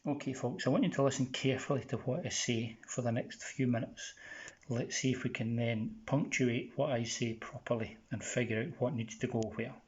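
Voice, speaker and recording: A man's voice: medium pitch, moderate pace. A man teaching a punctuation lesson in a chatty, upbeat way with playful asides. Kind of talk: casual classroom video lesson. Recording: roomy, slightly dull sound.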